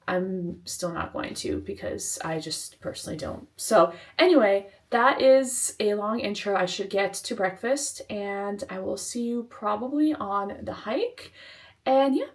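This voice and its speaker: A woman's voice: medium pitch, no room sound, rough recording. A woman vlogging casually to camera, rambling with lots of fillers, out of breath as she hikes up a windy hillside. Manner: chatty, rambling, filler-heavy. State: out of breath while hiking. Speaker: travel vlogger. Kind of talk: casual vlog talk to camera. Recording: heavy wind noise on the mic.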